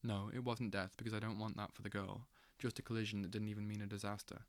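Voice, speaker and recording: A man reading a literary novel aloud as an audiobook, slow and intense, with dramatic swells. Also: fairly low pitch, flat delivery, no room sound. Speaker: audiobook reader.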